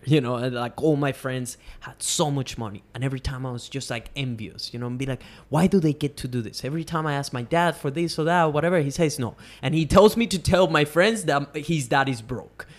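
A man hosting a podcast, speaking in a soft, reflective way in casual conversation. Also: medium pitch. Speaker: podcast host.

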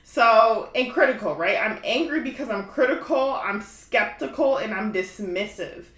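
A woman's voice: a little high, fairly bright tone. A woman hosting a podcast in a loose, chatty way, full of "like" and "you know what I mean". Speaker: podcast host. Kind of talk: casual chat. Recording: roomy echo.

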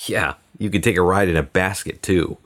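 A man voicing a quiet, plump middle-aged hotel detective who speaks softly, calmly and unhurriedly. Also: low voice. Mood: dry. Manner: soft, calm and unhurried.

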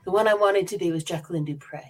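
A woman's voice: fairly low pitch, fast. An older American woman with an accent mixing American and English, chatting as a guest author over a video call, self-deprecating and laughing often. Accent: mixed American and English. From United States. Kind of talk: podcast interview answers.

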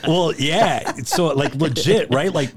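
A man's voice: fairly high pitch, animated, takes it slowly, a crowd in the background. A man telling a long casual story as a podcast guest, rambling through filler words and laughing now and then. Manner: laughs while telling stories.

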